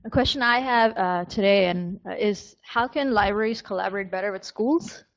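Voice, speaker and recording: A woman from a foundation introducing herself casually, relaxed and a little hesitant. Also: medium pitch, normal speed. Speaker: foundation staffer.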